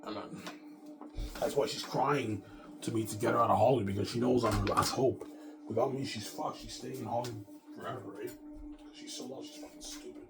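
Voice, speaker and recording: A man's voice: medium pitch, steady tone, a little fast, creaky. Boastful man rambling in an echoey room. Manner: boastful and profane, repeats himself. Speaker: vlogger. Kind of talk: rambling casual monologue. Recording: echoey room with music playing. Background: music.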